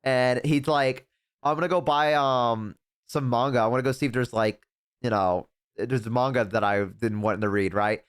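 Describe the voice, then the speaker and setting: A man streaming a casual chat, telling a story with loud acted yelps and plenty of swearing. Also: medium pitch, fairly even intonation, normal speed, clear, resonant tone.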